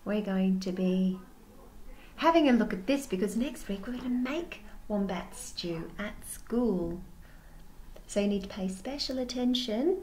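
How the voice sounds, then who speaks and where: Teacher, woman, storytime reader, unhurried and expressive, roomy echo with faint hum. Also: medium pitch. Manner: gentle, expressive, asks questions. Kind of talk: reading a picture book aloud to children.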